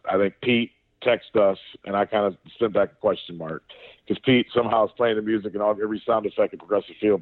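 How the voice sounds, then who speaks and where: Male podcast co-host, lively storyteller with restarts and cussing; dry, thin phone-line audio. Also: on the low side, dry recording. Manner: animated storyteller, swears, frequent restarts. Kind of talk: casual sports chat.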